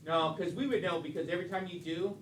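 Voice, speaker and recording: A man's voice: high voice, fairly even intonation, fast, fairly bright tone. A male teacher lecturing a class and teasing his students with jokes as he goes. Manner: teasing, joking banter with students. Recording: echoey classroom, distant mic, faint room noise.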